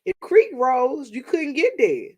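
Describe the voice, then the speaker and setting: A woman's voice: sits high, big pitch swings, measured pace, a little mellow. A woman from Washington, D.C. hosting a livestream, chatting casually with viewers and telling stories, calling them y'all. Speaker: livestream host.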